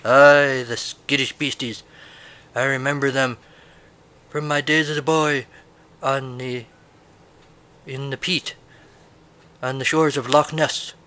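A man's voice: mid-range voice, pushed and bright. A man putting on a rambling old Scotsman. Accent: Scottish, put on. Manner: folksy, rambling reminiscence. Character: old Scottish man reminiscing about boyhood.

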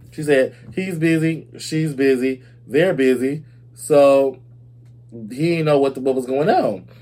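A man hosts a casual gossip segment, chatting to his listeners as if they were close friends. His voice sits at an ordinary middle pitch, and he talks loosely and informally, sprinkling in "y'all" and "baby" as he goes. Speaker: celebrity gossip host.

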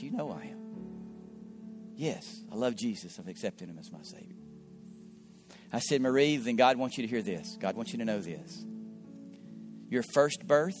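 A middle-aged man, a pastor, telling a story in an earnest sermon, often repeating his words and dropping into soft asides. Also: mid-range voice. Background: faint guitar music.

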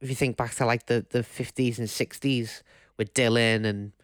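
A man's voice: medium pitch, fairly even intonation, normal speed, no room sound, clean studio sound. A man with a Liverpool accent co-hosting a casual podcast, joking and chatty. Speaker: podcast co-host.

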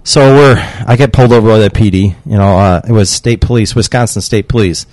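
A man's voice: fairly low pitch, fairly quick, no room sound. Midwest dad in his 50s or so, cussing and cracking up telling stories, dry mic. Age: middle-aged. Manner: laughing, profane, animated storyteller. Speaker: podcast guest, retired police officer dad. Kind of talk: casual storytelling chat.

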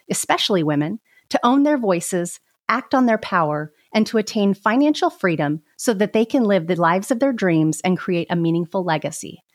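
A woman's voice: lowish voice, no room sound, studio quality. A woman hosting an interview show, giving a polished, emphatic introduction and asking questions. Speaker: podcast host.

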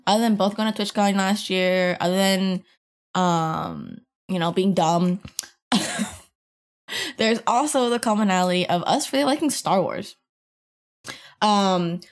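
Giggly chatty woman podcast host. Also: mid-range voice. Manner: giggly, chatty, searches for words. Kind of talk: casual chat.

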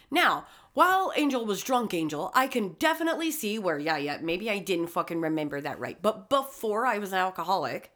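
A woman's voice: medium pitch, big pitch swings, a little fast, few pauses, fairly bright tone. A woman in casual chat, telling a personal story with lots of swearing and acted-out quotes.

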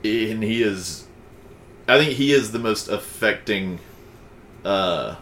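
A man's voice: fairly low pitch, expressive, slow pace, fairly bright tone, slight background noise. A man co-hosting a casual podcast chat, reading out draft picks and stumbling over names. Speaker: podcast co-host.

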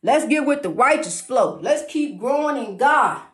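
A woman giving an informal, emphatic preaching monologue, repeating herself and calling the listener honey, speeding up when she gets excited. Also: high-pitched, echoey room. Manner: talks fast when excited. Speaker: inspirational speaker.

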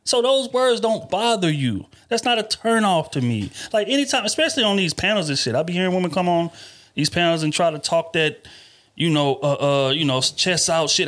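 A man's voice: high-pitched, sing-song, fairly quick, fairly bright tone. Emphatic, cussing podcast host man. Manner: emphatic, profane, talks over others. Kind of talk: casual podcast banter.

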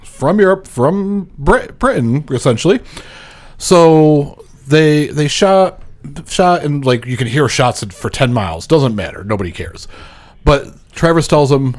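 A man co-hosting a podcast movie review, relaxed and joking as he walks through the plot. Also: a little high, unhurried. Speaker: podcast co-host. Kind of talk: casual movie review chat.

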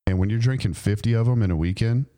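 A man's voice: on the low side, fast, mellow. A man co-hosting a podcast, chatting casually with laid-back, crude humor. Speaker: podcast co-host. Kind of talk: casual chat.

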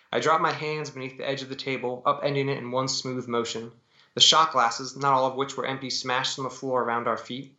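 A man, an author, reading his own novel aloud in steady, dramatic first-person narration over a video call. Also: medium pitch. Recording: dull echoey call audio.

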